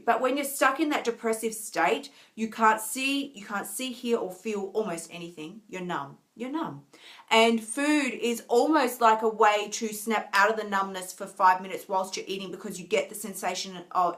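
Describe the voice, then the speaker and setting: A tired, emotional woman coach talking earnestly to viewers on a live stream, restarting often and laughing softly. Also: medium pitch. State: tired, near tears. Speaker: wellness coach.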